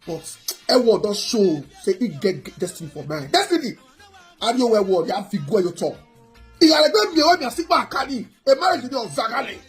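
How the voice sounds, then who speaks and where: A Nigerian woman hosting a gossip channel, talking in an animated, excitable way. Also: a little high, brisk, faint music behind. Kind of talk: animated casual commentary.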